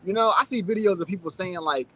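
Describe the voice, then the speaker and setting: A man's voice: high-pitched, fast talker, a bit bright. A man in his thirties hosting a casual livestream, chatting loosely and reading out viewer comments. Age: 30s. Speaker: channel host.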